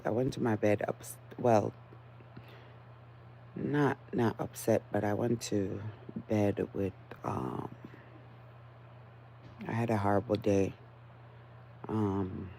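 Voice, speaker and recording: Low, slow woman with a groggy morning voice. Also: fairly even intonation, creaky, warm tone, a little hiss or hum. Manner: halting, with many fillers and restarts, then firm and insistent. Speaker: vlogger. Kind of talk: casual solo vlog talk.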